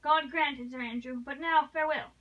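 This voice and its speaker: A woman's voice: high voice, steady tone, a little fast, distant mic, dull audio, close to an everyday voice. A woman voicing a noble English lady who pleads with passion, read aloud from a novel. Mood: resolute. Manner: impassioned, pleading.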